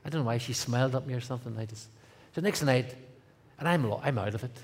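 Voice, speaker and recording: A middle-aged man with a Northern Irish accent, a guest speaker telling his testimony in a comic, animated way, dropping to a hush and rising loud. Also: medium pitch, fast, slightly rough. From Northern Ireland. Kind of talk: testimony storytelling.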